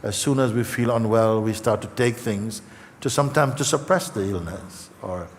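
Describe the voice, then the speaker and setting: A man giving a gentle spiritual talk to an audience, slow and halting, with many fillers and repeated words, emotional at times. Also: on the low side, a little hiss or hum. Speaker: spiritual teacher. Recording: hall reverb, faint ambience.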